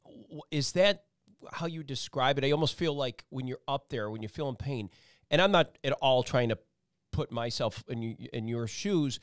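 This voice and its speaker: A man's voice: mid-range voice, normal speed, smooth, dry recording, clean studio sound. A man hosting a casual talk-show interview, rambling and emphatic, with many restarts. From Italian-American family. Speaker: talk show host and meteorologist.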